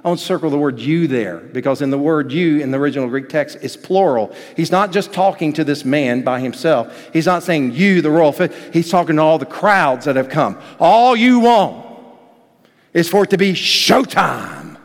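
A man preaching a sermon as pastor, shifting between hushed intensity and loud, emphatic passages. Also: fairly high pitch, a little fast, hardly any pauses. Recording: hall reverb.

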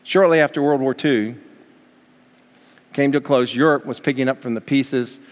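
A man's voice: medium pitch, steady tone, moderate pace. A man preaching a sermon as pastor, from the United States, building to fervent emphasis. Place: church sanctuary. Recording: long hall reverb.

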